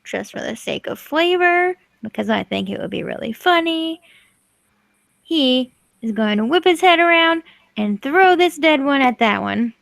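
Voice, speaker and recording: A woman narrating and refereeing a tabletop role-playing game in a casual, relaxed way. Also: high voice, unhurried, vocal fry, no room sound. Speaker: game master.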